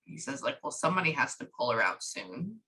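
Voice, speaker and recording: A woman giving a psychic reading, relaying a spirit's words in chatty, lively bursts. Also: rumbling low, a little fast, poor audio. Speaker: psychic medium.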